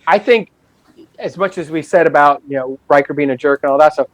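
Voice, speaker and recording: Higher-voiced man in a casual chat. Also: brisk, no room sound, poor audio. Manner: loose and rambling, self-correcting. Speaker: podcast co-host. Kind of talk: casual podcast discussion.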